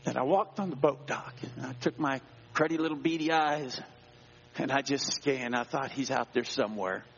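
A male pastor telling a personal story in a sermon, dramatic, dropping to a hush and rising again. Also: mid-range voice, moderate pace, husky. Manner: dramatic, swings between hushed and raised voice. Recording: dull sound with long hall reverb.

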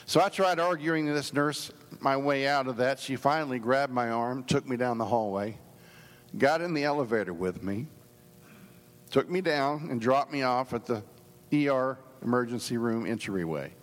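Middle-aged male preacher, earnest, halting storyteller, mid-pitched, long hall echo. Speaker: speaker giving a devotional talk. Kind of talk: storytelling sermon.

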